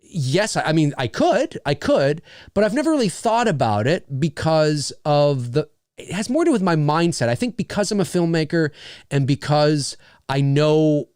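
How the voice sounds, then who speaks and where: Lively, swearing man on livestream. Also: a little high, moderate pace, dry recording, clean studio sound. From Canada. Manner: profane, rambling, enthusiastic. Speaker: livestream host. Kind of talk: casual livestream chat.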